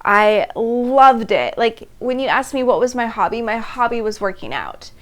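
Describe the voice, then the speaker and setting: A woman in her thirties hosting a personal storytelling monologue, animated and laughing between phrases as she acts out her past reactions. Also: on the high side, brisk. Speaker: host.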